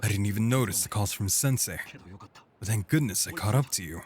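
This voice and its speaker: A man voicing an aloof, formal young male art student, trying for a deeper, dramatic voice. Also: brisk, darkish tone, natural voice. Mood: earnest. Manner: formal, dramatic, deep imitation.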